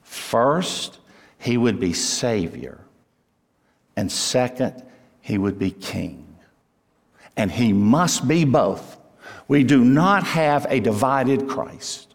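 A male pastor delivers a sermon at an unhurried, measured pace. His middle-range voice climbs sharply when he stresses key words, then settles back down. The sound rings with the long reverb of a large hall. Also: mid-range voice, expressive. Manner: deliberate, emphatic preaching with rising peaks on key words.

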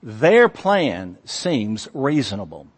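Slow emphatic preacher in a reverberant hall. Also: male voice, mid-range voice, big pitch swings, husky. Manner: slow, emphatic preaching with long pauses and rising intensity. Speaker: pastor. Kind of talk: sermon.

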